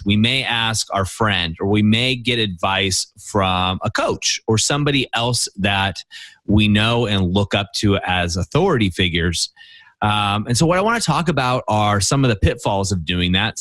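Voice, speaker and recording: A man's voice: lowish voice, fairly bright tone, no room sound. A man hosting a men's coaching podcast, telling stories emphatically with lots of "you know" and "right?". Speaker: podcast host. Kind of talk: conversational coaching talk.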